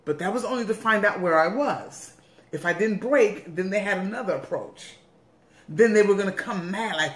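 Woman preacher telling her testimony, earnest, repeats herself for weight, mid pitch, echoey room. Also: expressive, normal speed. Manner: earnest, repeats phrases for emphasis. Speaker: bishop. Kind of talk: personal testimony in a weekly online message. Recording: roomy echo.

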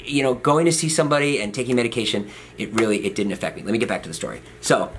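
A man's voice: medium pitch, very fast, slight background noise. A man in his thirties, a vlogger, telling a personal story in a rambling, self-deprecating way, full of fillers and restarts. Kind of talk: casual storytelling.

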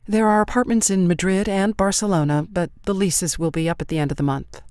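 A man voicing a calm, ageless goddess. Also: high voice, smooth, no room sound, clean studio sound, voice pushed up, natural voice. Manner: calm, measured, composed.

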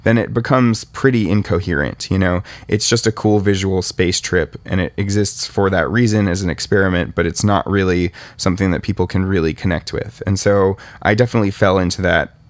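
A man's voice: low-pitched, steady tone, a little fast, few pauses, no room sound. A man hosting a casual podcast, rambling and self-deprecating as he talks through his own 3D work. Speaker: podcast host, 3D artist.

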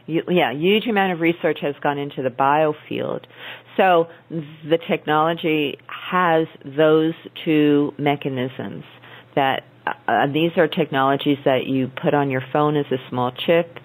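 A woman with a low voice, well below most women, explaining at length as an interview guest. She talks earnestly, stopping to restart phrases and filling pauses as she works through each point. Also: rough recording. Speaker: guest, naturopathic doctor.

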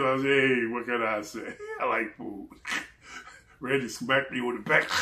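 A man telling a story in a casual, animated way, laughing often and acting out the people he quotes. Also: on the high side, normal speed, roomy sound.

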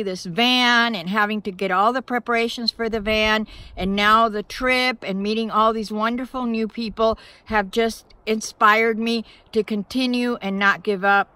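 Outdoors at her van campsite in the woods, a woman casually vlogs to camera, speaking earnestly, gratefully, and chattily to her viewers. Her medium-pitched voice has a bright, forceful tone, and she's out of breath.

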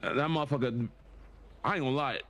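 A man's voice: mid-range voice, brisk, a bit bright, natural voice. A man playing a blind young man stuck in prison who rambles and stammers defensively in casual role-play chat. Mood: rambling. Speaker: game character.

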